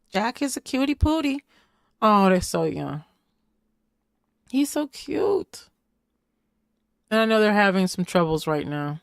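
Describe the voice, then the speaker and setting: A woman's voice: medium pitch, fairly bright tone, clean tone, dry recording, studio quality. A woman hosting a casual recap show, chatty and playful, laughing often as she talks. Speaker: host.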